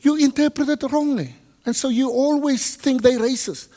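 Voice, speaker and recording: A man preaching to a congregation, lively and teasing, switching between English and Afrikaans and quizzing his listeners. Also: extremely high pitch, normal speed. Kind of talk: teaching sermon to a congregation. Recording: long hall reverb.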